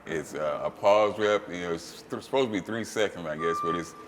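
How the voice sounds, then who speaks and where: A man hosting, telling a story casually, swearing freely and breaking into loud, animated outbursts. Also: low voice, fairly quick, big-room sound, noisy background. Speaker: host.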